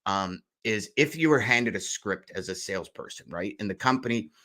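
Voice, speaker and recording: Male podcast host, low and forceful, animated storyteller in casual interview. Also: normal speed. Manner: animated storyteller, acts out voices in anecdotes.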